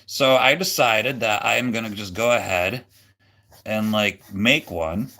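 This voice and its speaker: A man's voice: on the low side, unhurried, bright, forceful tone, slight background noise. Rambling man chatting on a livestream. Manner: rambling, many fillers and restarts; jokey, goofy. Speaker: livestream host. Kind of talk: casual livestream chat.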